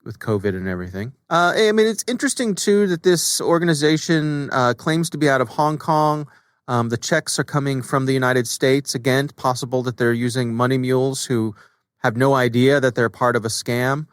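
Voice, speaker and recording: Relaxed middle-aged male podcast host. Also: medium pitch, normal speed, smooth, no room sound, studio quality. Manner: relaxed, thinking aloud with fillers. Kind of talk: casual chat.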